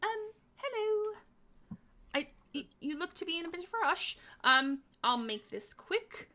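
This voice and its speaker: A polite, slightly flustered professor of magic, played by a woman, speaking in a hurried, hesitant way with lots of small pauses. The voice is quiet and courteous. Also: very high voice, very animated, voice pushed up, full character voice.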